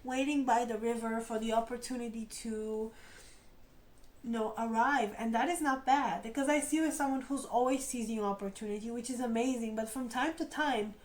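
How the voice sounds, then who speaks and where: A woman giving a casual, encouraging tarot reading straight to her viewers, in a lowish tone with a touch of vocal fry. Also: fairly even intonation, normal speed, low-quality recording. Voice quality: lower tone than usual, slight vocal fry. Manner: chatty, encouraging, speaks to viewers directly. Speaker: tarot reader.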